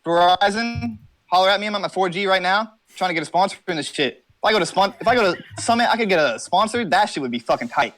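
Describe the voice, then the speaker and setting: A man's voice: high-pitched, lively intonation, quick pace, a bit bright. A young man talking from his car as an interview guest, joking, boasting and rambling with lots of swearing. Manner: brash, profane, rambling comic boasting.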